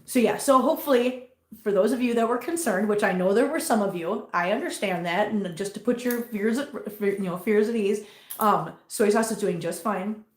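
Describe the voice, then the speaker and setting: A woman hosting a casual livestream from home, chatting with viewers and cooing at her cats in a high sing-song voice. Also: normal speed, darkish tone, roomy sound. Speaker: host. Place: home room full of cats. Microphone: laptop mic.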